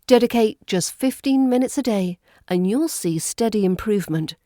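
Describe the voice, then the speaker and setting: Mellow-voiced British RP woman coach. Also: medium pitch, lively intonation, normal speed, no room sound, studio quality. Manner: upbeat, playful teaching tone. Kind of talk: scripted podcast lesson.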